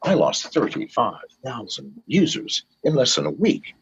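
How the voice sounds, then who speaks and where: A man's voice: medium pitch, wildly swooping pitch, measured pace, husky. An older man, a guest in an interview, ranting with fiery, profane pleas to his listeners in a dull lo-fi recording. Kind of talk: impassioned rant in an interview.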